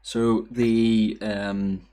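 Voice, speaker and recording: A man narrating as dungeon master, describing scenes with frequent pauses and fillers. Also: lowish voice, level tone, mellow. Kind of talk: narrating a tabletop game.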